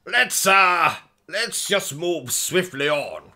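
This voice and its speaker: Pompous man, insulting host, lively pitch, fairly high voice. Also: takes it slowly. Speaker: gaming comedy host. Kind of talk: comic gameplay commentary.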